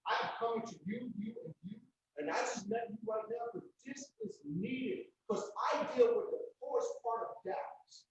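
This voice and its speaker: Passionate audience member, high voice, far from the mic, big echoey room, faint noise. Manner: impassioned, emphatic. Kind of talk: emotional audience remarks.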